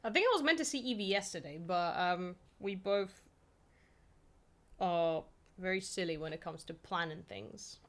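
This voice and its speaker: A woman's voice: lowish voice, animated, normal speed, fairly bright tone. A woman from Poland streaming from home, chatting loosely with her viewers, full of fillers, swearing and easy laughs. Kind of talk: casual chat answering viewer questions.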